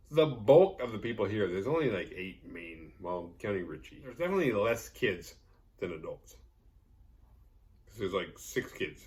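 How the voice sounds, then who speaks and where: A man with a low, darkish voice hosts a horror movie podcast. He recaps a film in a rambling, sarcastic, profane way, a casual recap full of jokes.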